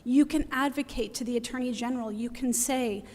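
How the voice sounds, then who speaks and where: A woman's voice: on the high side, steady tone, brisk, hardly any pauses, darkish tone. A middle-aged woman giving an impassioned public comment at a council meeting, pleading and close to tears. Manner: pleading, emotional, urgent. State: near tears. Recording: reverberant hall.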